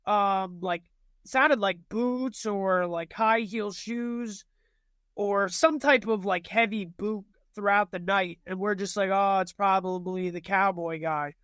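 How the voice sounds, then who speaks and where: A man's voice: high voice, takes it slowly, a bit bright, clear, resonant tone, dry recording. A young man telling ghost stories in casual chat, rambling with lots of fillers and restarts. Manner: rambling, filler-heavy storytelling.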